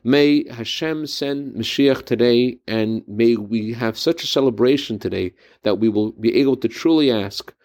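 Man, Torah teacher, short talk with a story, earnest, reflective, mid pitch. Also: moderate pace, few pauses, darkish tone.

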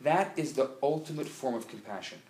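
A man, a rabbi, teaching a live class, telling a story with rising passion and loud emphatic peaks. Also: medium pitch, expressive, brisk. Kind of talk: live lecture. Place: lecture room. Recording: echoey room live recording.

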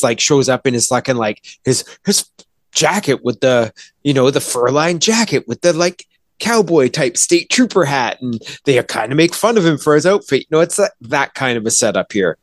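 A man's voice: mid-range voice, no echo. A man hosting a podcast and reviewing a film in casual chat, rambling with lots of fillers and swearing. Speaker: podcast host reviewing films.

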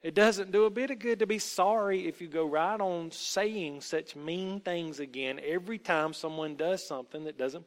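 A man voicing a middle-aged Christian aunt who speaks softly but sternly, gently lecturing a child. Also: fairly high pitch. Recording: long hall reverb.

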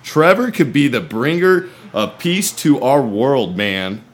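A man's voice: mid-range voice, big pitch swings, slow. A man acting in a comedy sketch, talking in an earnest, naive, matter-of-fact way. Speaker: comedy podcast co-host.

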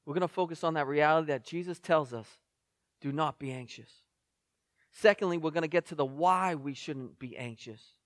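Man, pastor, sermon, high voice, storytelling, dry close mic. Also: normal speed, no echo. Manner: storytelling preacher, rising in intensity.

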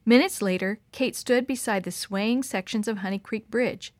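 A woman reads a story aloud, narrating it with expression and drama. Her pitch is middling, her pace moderate, and the recording is dry and close with no room echo.

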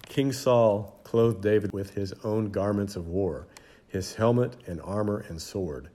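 Male narrator with a deep, mellow voice, measured dramatic reading of a children's Bible story.

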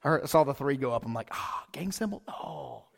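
A man preaching a sermon as pastor, casual and excited, with big swells in volume. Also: mid-range voice, fairly quick, creaky.

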